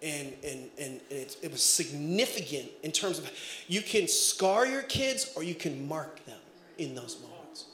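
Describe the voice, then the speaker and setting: A middle-aged man preaching a sermon as pastor, telling family stories in an animated way with bursts of shouting. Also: fairly high pitch, unhurried. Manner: animated storytelling, breaks into shouts and laughter. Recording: echoey room.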